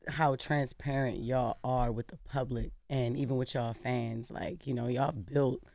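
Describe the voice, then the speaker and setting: A man co-hosting a radio show, asking relaxed, conversational questions in a studio. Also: medium pitch, a little slow, no echo. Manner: conversational, uses y'all. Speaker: co-host. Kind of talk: casual interview questions.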